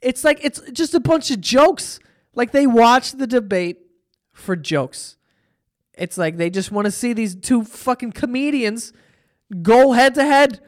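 A man's voice: very high-pitched, lively intonation, unhurried. A man hosting a solo podcast, ranting casually with lots of swearing and sarcastic exasperation. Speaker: podcast host.

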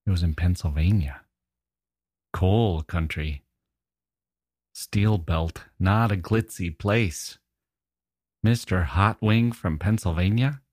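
A man's voice: deep voice, slow, pauses often, a little mellow, dry recording. A middle-aged man hosting a podcast, telling a comic story with wry, musing dry humor. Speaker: podcast host. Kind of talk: comic monologue.

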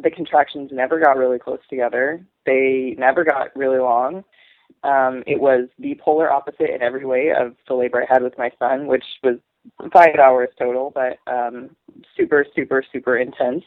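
A woman's voice: extremely low pitch, steady tone, moderate pace, no echo. A woman in her thirties rambles through her story with many ums. Her voice comes through a narrow, tinny phone line. It sounds dry and close. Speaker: guest sharing birth story. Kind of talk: casual podcast conversation.

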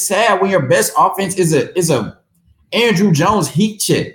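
A man hosting a daily sports podcast, talking casually and ranting in animated disbelief. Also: high-pitched, measured pace, roomy sound, poor audio. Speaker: podcast host.

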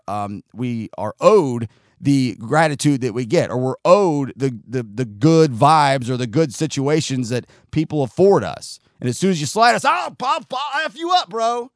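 Blunt, ranting man with lively pitch. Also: no room sound, studio quality. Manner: blunt, profane and ranting, acts out angry drivers. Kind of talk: opinionated monologue.

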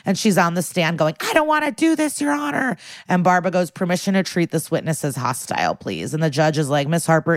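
Woman podcast host, low voice, dry close sound, rattling off scene recaps with quoted lines. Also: dry recording. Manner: retells scenes, quoting characters in quick bursts. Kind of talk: casual recap chat.

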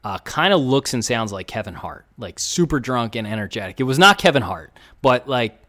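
Philly guy in his 30s telling a story on a podcast, keeps doing the voices, mid pitch. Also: fairly quick. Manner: animated storyteller, acts out quoted voices. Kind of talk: casual storytelling chat.

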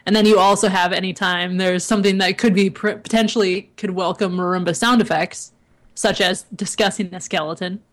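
A woman guesting on a comedy podcast, laughing often as she spins absurd deadpan bits. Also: medium pitch, a little fast. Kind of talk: casual comedic chat.

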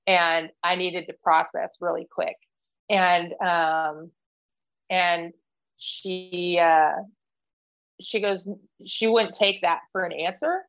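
A woman's voice: on the low side, fairly even intonation, takes it slowly, long pauses, fairly bright tone, dull audio. A woman guest in a casual interview, speaking candidly and earnestly, with frequent fillers and restarts. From United States. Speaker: podcast guest, Marine veteran.

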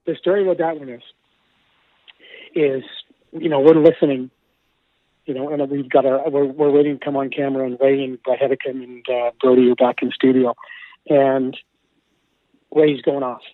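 A man, a hockey broadcaster, telling stories in an animated way, laughing often and repeating himself as he goes. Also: mid-range voice, moderate pace, long pauses, no echo. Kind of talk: animated storytelling. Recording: tinny phone-like line, dry.

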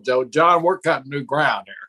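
A man hosting a casual chat, asking questions with halting restarts. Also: fairly high pitch, lively intonation, bright, forceful tone. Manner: halting, repeats words when asking. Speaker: host.

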